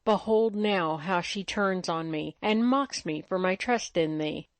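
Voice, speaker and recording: A woman voicing a gentle young bride who pleads earnestly in archaic speech. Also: fairly low pitch, measured pace, no room sound. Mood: pleading.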